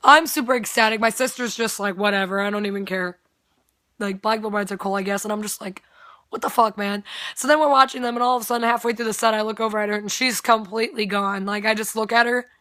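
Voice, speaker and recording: Young woman vlogging, chatty and sweary, says like a lot, bright voice, dry sound. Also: medium pitch, steady tone, fast, no room sound. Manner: chatty, swears freely, lots of "like". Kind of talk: casual storytelling vlog.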